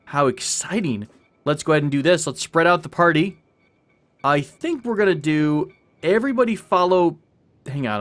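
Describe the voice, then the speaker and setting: A man talks through a video game for his viewers in a loose, joking way, addressing them like friends. His voice sits a little higher than most men's. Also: fairly bright tone. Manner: chatty and playful, joking to viewers. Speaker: let's play host. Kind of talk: casual gameplay commentary.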